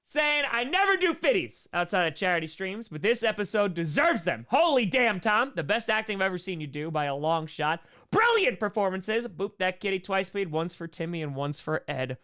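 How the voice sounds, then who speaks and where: A man hosting a casual livestream Q&A, excitable and playful, shouting out donors' names and making little sound effects to thank them. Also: sits high, moderate pace, hardly any pauses, clean tone. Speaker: livestream host.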